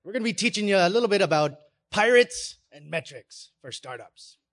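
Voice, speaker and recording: A man giving a playful live talk on stage, coaxing his audience through pirate-voice warm-ups. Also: high-pitched, very animated, a little fast. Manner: hammy pirate-voice delivery, coaxing the crowd. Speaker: conference speaker.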